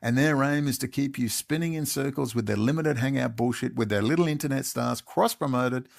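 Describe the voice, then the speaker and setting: A man's voice: mid-range voice, brisk, creaky. A man with an Australian accent giving an angry, intense monologue full of swearing. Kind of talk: ranting monologue.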